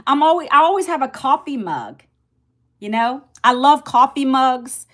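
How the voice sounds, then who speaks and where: A woman in her fifties talking casually to camera as an online business coach, chatty, repeating herself and calling viewers "guys". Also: normal speed. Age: 50s. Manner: lively, pitch jumps up and drops low.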